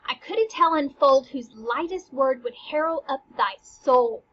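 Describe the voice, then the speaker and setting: A woman voicing the ghost of a murdered king, reciting verse slowly and solemnly. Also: high-pitched, expressive, dull audio, slight background noise.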